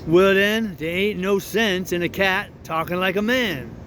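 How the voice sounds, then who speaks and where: A stubborn, argumentative rustic man, as an audiobook reader voices him, talking in a folksy drawl. The voice sits fairly high and moves slowly and deliberately. He pushes back on every point. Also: a bit bright, slight background noise. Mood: stubborn, puzzled. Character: stubborn grown man, rustic river traveler.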